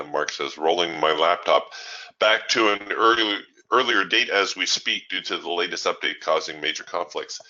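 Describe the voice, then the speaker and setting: A man's voice: deep voice, pushed and bright, highs cut off. A man hosting a live trading webinar, chatting casually and with strong opinions as he answers viewer questions, laughing easily.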